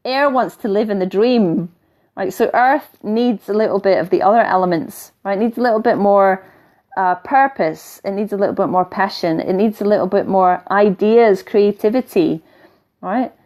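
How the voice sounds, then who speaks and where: A woman with a medium-pitched, somewhat dark voice and a blend of English and Scottish accents speaks at a moderate pace. She's a spiritual teacher who teaches in a casual, blunt, chatty way, swearing lightly and repeatedly asking "right?" to check in with her listeners.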